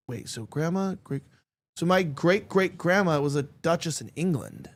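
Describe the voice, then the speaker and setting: Young guy podcast host, kinda high voice, rambles, says like a lot. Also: lively intonation, moderate pace. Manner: rambling, heavy use of "like". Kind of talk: casual chat.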